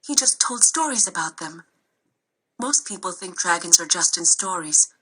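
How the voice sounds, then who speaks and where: A woman's voice: lowish voice, lively intonation, normal speed, husky, heavily acted. A woman voicing a kind, practical young girl who speaks in a reassuring way in a storybook reading. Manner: warm, reassuring.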